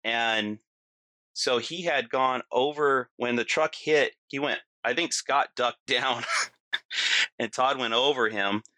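A middle-aged man recounts a personal story in an animated, casual way, his talk full of "like" and "you know." His voice is bright and forceful. The sound is close and dry, with no room echo. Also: mid-range voice, slow. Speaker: guest telling a personal story.

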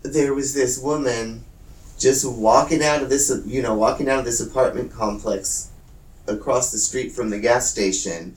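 A man telling a funny story in casual chat, acting out the people he quotes in loud high voices. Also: fairly even intonation, moderate pace. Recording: roomy echo.

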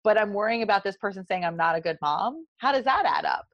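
Talking quickly in a medium-pitched voice, this woman in her forties, a South Jersey–accented meditation guide, gives an earnest, animated podcast interview full of examples. The audio sounds dull and has no room sound.

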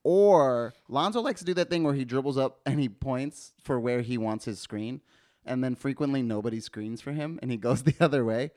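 A man co-hosting a casual sports podcast, talking in an animated, chatty way and laughing often. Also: medium pitch, moderate pace. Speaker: podcast co-host.

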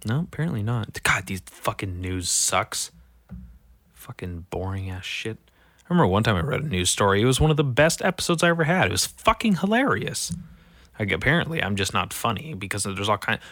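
A man who is sick, reading news headlines aloud in a casual, foul-mouthed way, swinging from mumbling to shouting. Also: on the low side, very animated, brisk, no room sound. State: sick, voice going rough. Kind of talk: casual profane commentary.

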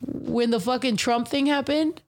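A woman hosting a podcast in casual chat, telling stories in an animated, profane way full of slang. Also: high-pitched, unhurried. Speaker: podcast host.

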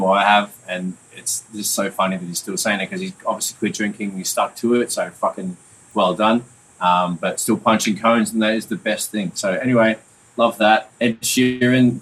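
A man's voice: fairly low pitch, a bit bright, a little hiss or hum, rough recording. A man hosting a casual music review chat, loose and sweary with plenty of fillers. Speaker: podcast host and mixing engineer.

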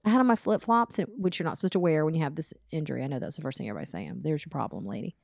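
A middle-aged woman co-hosting a podcast in a studio, chatting casually and telling animated stories. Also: low voice, rapid-fire, creaky, no echo. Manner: chatty storyteller, animated retelling with quoted voices. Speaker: podcast co-host. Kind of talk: casual chat.

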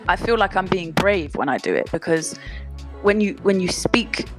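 In a casual interview held remotely from London, a woman musician talks in a lowish voice with lively intonation at a moderate pace. She chats away, cutting herself short and laughing often, as soft music plays.

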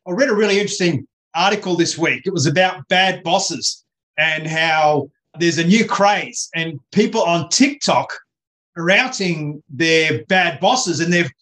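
A man's voice: fairly high pitch, a little slow, fairly bright tone, poor audio. An Australian man hosting a podcast in an upbeat, chatty way, with fillers. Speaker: podcast host. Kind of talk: casual interview chat.

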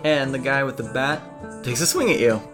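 A man narrates a tabletop adventure as game master, easygoing and quick to laugh. His voice sits in a middle range. Faint guitar music plays underneath. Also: medium pitch. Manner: chatty, laughs often, easygoing.

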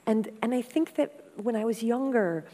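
A woman guest in an interview, telling stories in a frank, animated, conversational way and swearing freely. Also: fairly high pitch, moderate pace. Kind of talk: candid conversational storytelling. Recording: long hall reverb.

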